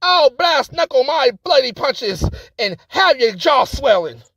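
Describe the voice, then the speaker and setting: A man's voice: extremely high pitch, sing-song, a little slow, vocal fry, fairly bright tone, breathy edge, dry recording. A man performing a battle rap verse with an aggressive, taunting delivery. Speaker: battle rapper.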